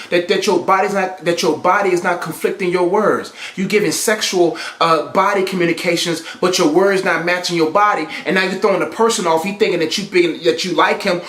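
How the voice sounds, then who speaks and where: A man's voice: high voice, a bit bright. A man hosting a podcast, giving motivational relationship advice in a preachy way and repeating phrases for emphasis. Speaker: podcast host. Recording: echoey room.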